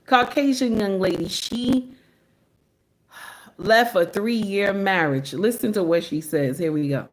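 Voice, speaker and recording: Female livestream host, sassy and preachy, mid-pitched voice, repeats herself for emphasis. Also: takes it slowly. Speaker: commentary host reacting to clips. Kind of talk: casual reaction commentary.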